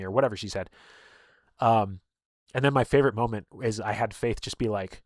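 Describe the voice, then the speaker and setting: Man with a low, rambling voice. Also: a little fast, darkish tone, no echo, studio quality. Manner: rambling, with many filler words; openly emotional. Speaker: streamer and game player. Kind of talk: casual storytelling chat.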